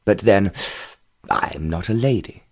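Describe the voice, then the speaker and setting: A man's voice: on the low side, a little slow, a little mellow. A man playing a cool, cultivated young lord. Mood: amused. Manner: cool, dry and commanding.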